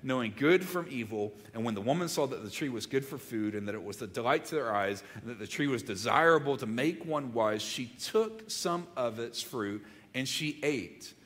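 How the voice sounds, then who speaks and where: A man preaching a conversational sermon, swinging from loud, animated moments to hushed near-whispers. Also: medium pitch, moderate pace, hardly any pauses. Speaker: pastor. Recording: long hall reverb.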